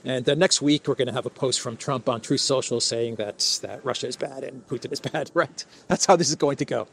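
Guy rambling and mocking politics while wandering a food court, phone mic, normal pitch. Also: brisk, gravelly, slight background noise. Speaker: political commentator. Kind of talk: casual walk-and-talk vlog. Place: indoor mall food court.

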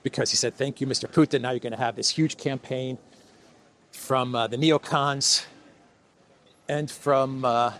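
A man's voice: medium pitch, steady tone, a little slow, long pauses, a bit bright. A man giving mocking, rambling political commentary while walking through an indoor food court, recorded on a handheld phone. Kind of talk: casual walk-and-talk vlog.

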